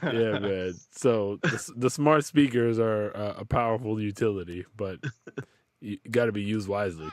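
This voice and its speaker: A man's voice: fairly low pitch, normal speed. A man hosting a podcast, chatting casually in an easygoing, slangy way and introducing a guest. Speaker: podcast host. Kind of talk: casual chat.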